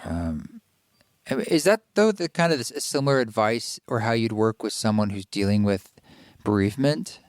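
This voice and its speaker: A man hosting a podcast interview, easygoing and quick to laugh. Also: fairly low pitch, sing-song, no echo, studio quality. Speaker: podcast host. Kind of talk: casual interview chat.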